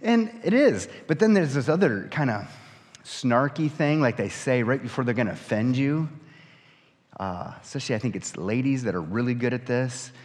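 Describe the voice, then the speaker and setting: A man, a pastor, reading scripture and then preaching in a conversational, animated way with folksy asides. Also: medium pitch, moderate pace. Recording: church hall reverb.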